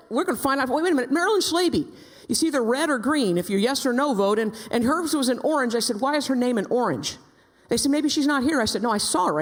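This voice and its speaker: A woman giving a storytelling speech at a rally, animated, acting out quotes and repeating herself. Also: fairly high pitch. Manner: animated, acts out quotes, many repeated ands. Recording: long reverb in a large hall.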